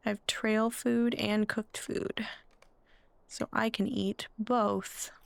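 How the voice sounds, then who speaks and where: A tired woman streaming a game, chatting in a relaxed, rambling way with self-deprecating asides. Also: mid-range voice, takes it slowly, creaky, no room sound. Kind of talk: casual game streaming commentary.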